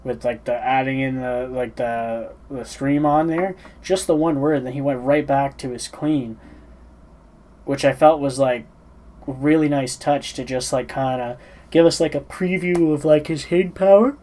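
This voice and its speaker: Man, sleepy, yawning, casual reaction commentary, rambling, hesitant, lots of fillers, mid-pitched voice. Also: steady tone, measured pace, a little mellow, rough recording. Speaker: music reaction channel host.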